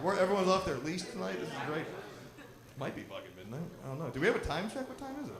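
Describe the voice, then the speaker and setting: A young man doing a stand-up comedy set, telling a profane, animated story at a live show in a lodge. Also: on the high side, fast talker. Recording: roomy live recording with crowd noise.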